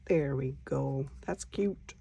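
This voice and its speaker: A woman hosting a casual crafting vlog, talking quietly to herself as she works. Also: rumbling low, slow, creaky, slight background noise. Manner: quiet, mutters to herself while working. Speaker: crafting channel host.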